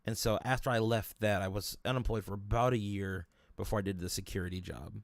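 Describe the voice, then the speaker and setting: A man's voice: fairly low pitch, fairly even intonation, a little fast, dry recording, clean studio sound. A young man hosting an interview, talking in a rambling casual way with many restarts and fillers. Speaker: podcast host interviewing a guest.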